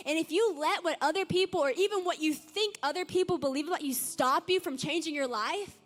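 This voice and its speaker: A young woman with a high, light voice gives a sermon-style talk, chatty and informal, full of "like" and "y'all". Soft music plays faintly underneath. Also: fairly quick, few pauses. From Nashville, Tennessee. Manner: casual storytelling, frequent "like" and "y'all". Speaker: youth speaker.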